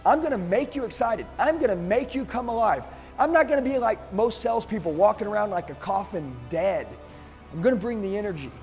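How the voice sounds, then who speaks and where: A man's voice: high voice, darkish tone, long reverb tail. A middle-aged man, a sales trainer, giving an intense, emphatic motivational talk to the camera.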